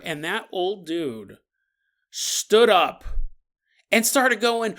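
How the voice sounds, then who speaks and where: A man's voice: extremely high pitch, big pitch swings, slow pace, pauses often, sharp tone. A man in his forties hosting a podcast, telling stories in a rambling, casual way, correcting himself and chuckling as he goes. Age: 40s. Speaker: podcast host.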